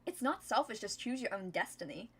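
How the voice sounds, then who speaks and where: A woman voicing a tough, brash teenage girl who talks in an exaggerated American accent, loud, bossy and defiant. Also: mid-range voice, expressive, fairly quick, husky. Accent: hyper-American put-on.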